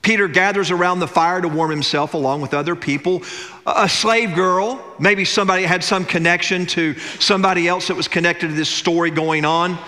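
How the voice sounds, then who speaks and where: A man's voice: high-pitched, a little fast, pushed and bright, long reverb tail. A male senior minister preaching a sermon, telling a scripture story, acting out its quotes and calling for amens. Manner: storytelling preacher, acts out quotes, calls for "amen". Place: church sanctuary.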